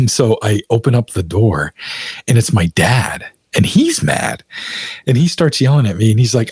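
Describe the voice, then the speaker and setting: A man's voice: mid-range voice, lively intonation, a little slow, a little mellow, slightly rough, dry recording. A man, a podcast guest, telling a personal story in loose, chatty speech full of fillers, often laughing. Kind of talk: casual storytelling in a podcast interview.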